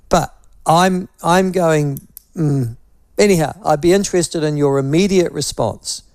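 A man's voice: on the high side, creaky, darkish tone, no echo, clean studio sound. A man with a New Zealand accent hosting talkback radio, teasing apart a phrase with wry, mocking repetition. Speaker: talk radio host.

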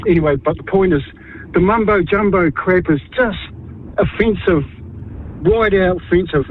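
Man calling in, New Zealand accent, high voice, tinny phone line with faint hiss, blunt and halting. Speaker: caller.

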